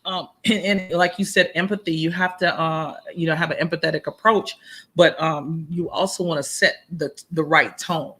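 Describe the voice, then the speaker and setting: Animated woman marriage coach, bright voice. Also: deep voice, normal speed, breathy edge. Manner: animated, acts out quoted dialogue, repeats points for emphasis. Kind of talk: casual live chat.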